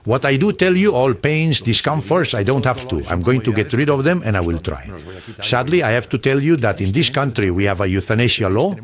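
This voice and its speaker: An older man from Spain, a retired surgeon, answering interview questions in a calm, earnest, reassuring way. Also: fairly low pitch.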